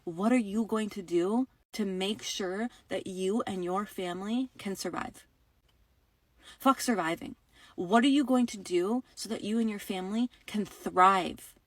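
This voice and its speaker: A woman gives an emphatic motivational pitch in a mid-range voice. She speaks in an urgent, preachy way, recorded close and dry with no room sound. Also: a little slow, dry recording. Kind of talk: motivational talk to camera.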